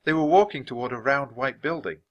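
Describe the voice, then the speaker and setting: A man reading a children's chapter book aloud at a natural pace for language learners, expressive and clear. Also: medium pitch, a little fast, muffled recording. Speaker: storybook reader.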